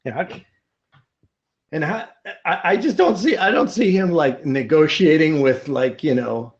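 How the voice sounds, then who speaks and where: Animated, high-voiced male podcast co-host. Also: unhurried, highs cut off. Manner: joking, rambling, animated. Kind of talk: casual chat.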